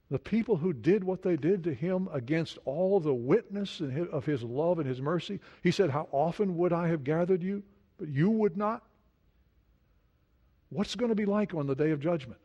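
Male pastor with a slightly higher voice, dynamic preacher who goes loud, then drops to a hush, and keeps asking the congregation questions. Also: highs cut off. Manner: dynamic preaching, swings from loud emphasis to hushed near-whisper; asks the listeners many questions. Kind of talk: sermon.

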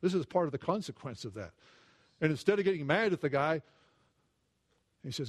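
An earnest preacher with a fairly high voice delivers a sermon, restarting and repeating words as he thinks aloud. His pitch climbs when he retells a story and drops low and quiet for asides. He is expressive and brisk, with long pauses.

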